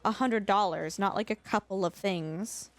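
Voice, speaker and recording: A woman's voice: medium pitch, normal speed. A woman chatting through a live game stream, rambling and gushing with lots of filler words. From Canada. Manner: gushing, effusive toward viewers. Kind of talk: live gameplay commentary.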